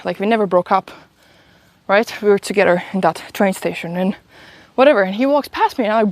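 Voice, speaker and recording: Stuffy and a little ill, a young woman wanders uphill outdoors in a town while chatting casually to her live-stream audience through her phone. She speaks fairly quickly in a mid-range voice with no room sound, spinning rambling stories punctuated by frequent laughs and curses.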